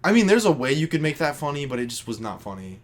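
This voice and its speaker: A man's voice: a little high, very animated, fast. Rambling, profane podcast co-host, a man. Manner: rambling, profane, full of "like" fillers. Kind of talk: casual chat.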